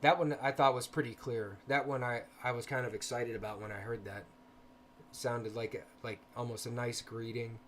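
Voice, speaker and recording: A man hosting a casual livestream, talking softly and hesitantly with frequent pauses and fillers, greeting chat viewers between stretches of explanation. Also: medium pitch, fairly even intonation, very noisy. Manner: soft-spoken, hesitant with many ums. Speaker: paranormal livestream host.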